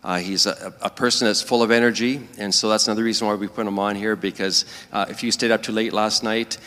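A man serving as pastor, introducing a speaker and praying in a gentle, unhurried way during a church service. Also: lowish voice, steady tone. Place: church sanctuary. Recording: reverberant church hall.

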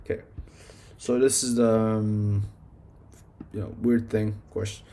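A man's voice: lowish voice, flat delivery, slow pace, dark tone. A man casually reviewing his favorite songs, rambling and swearing, filling his talk with "like". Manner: rambling, swearing, heavy use of "like". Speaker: music reviewer.

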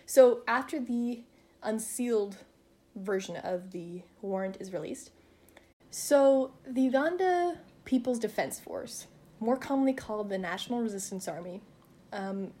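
A woman's voice: medium pitch, expressive, warm tone, slight background noise. A woman co-hosting a casual true-crime podcast, telling the story in a chatty way and laughing often. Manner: fast, chatty storytelling with fillers. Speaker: podcast co-host.

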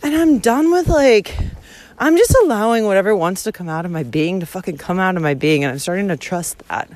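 A woman ranting into her phone as she walks an outdoor trail. Her voice swoops up and down with lively energy, and she swears constantly. She laughs often as she goes. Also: medium pitch, fairly quick, no room sound. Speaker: vlogger. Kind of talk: casual walking vlog. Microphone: handheld phone.

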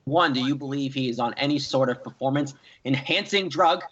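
Young guy riffing on baseball, bright forceful voice, kinda muffled lo-fi audio. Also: medium pitch, fairly quick, husky. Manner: animated, rambling. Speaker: co-host. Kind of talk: casual sports chat. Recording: dull lo-fi sound.

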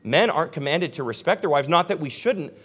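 Young guy pastor preaching, kinda higher voice, chatty and punchy, talking right at the crowd. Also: animated, brisk, a bit bright. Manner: conversational, emphatic, addresses the audience directly. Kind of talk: sermon. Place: church hall with a live audience.

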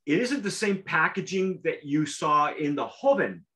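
A man hosting a casual tasting show, talking in a rambling, halting way with lots of restarts. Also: a little high, lively intonation, a bit bright. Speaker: show host.

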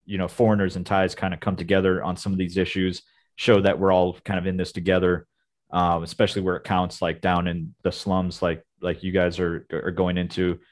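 Rambling low-voiced male interviewer. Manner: rambling questions full of likes and you-knows. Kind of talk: casual interview.

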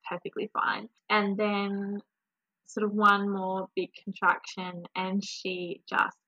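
A young woman, a podcast guest, telling her birth story in a warm, animated, emotional way. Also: medium pitch, slow pace, low-quality recording.

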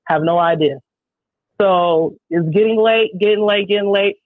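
A woman spins a story in a casual podcast chat, emphatic and lively, with swearing all through her telling. Her voice comes through thin and tinny, with the narrow range of a phone line. The sound is dry, with no room around it. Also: mid-range voice, moderate pace, dry recording. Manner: profane, animated, emphatic storytelling. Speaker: show promoter.

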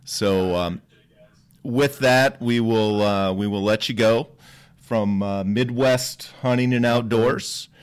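A man's voice: fairly low pitch, takes it slowly, clean tone. A man hosting a podcast, thanking his guest and reading the closing sign-off. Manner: joking, relaxed sign-off patter. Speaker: podcast host. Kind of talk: casual podcast chat.

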